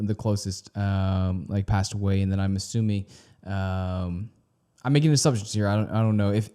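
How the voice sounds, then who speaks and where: A man with a fairly low, dark, mellow voice hosts a music reaction video. He speaks casually and hesitantly, thinking aloud with frequent pauses and restarts. He often turns to ask his viewers questions. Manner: asks the viewers questions directly.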